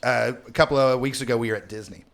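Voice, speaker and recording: A man in his thirties tells family stories as a podcast guest. His voice sits at an everyday middle pitch, and he restarts his sentences as the story carries him along. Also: vocal fry. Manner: animated storyteller, quick restarts. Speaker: guest comedian. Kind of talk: telling personal stories on a podcast.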